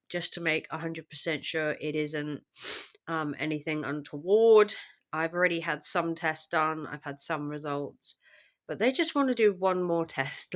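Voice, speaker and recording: A young woman with a low voice talks to camera while she is sick with the flu. She sounds tired and drained, and she rambles with lots of ums. Her illness wears on her voice throughout. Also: fairly bright tone. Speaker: vlogger. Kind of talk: casual catch-up vlog.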